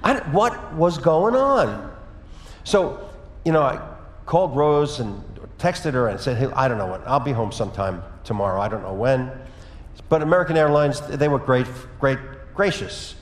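A man preaching a sermon as pastor, telling a personal story in a conversational way with lively asides. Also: mid-range voice, normal speed. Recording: echoey hall with long reverb.

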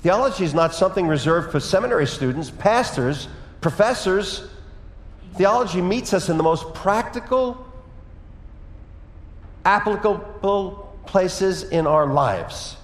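A man's voice: sits high, unhurried. Conversational male pastor, echoey sanctuary. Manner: conversational storytelling, animated asides. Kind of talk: sermon. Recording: echoey hall with long reverb.

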